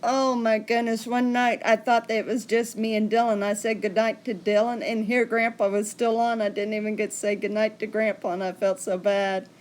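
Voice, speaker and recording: A woman's voice: mid-range voice, flat delivery, normal speed, few pauses, darkish tone. A woman hosting a casual livestream, chatting and answering viewer comments. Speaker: livestream host.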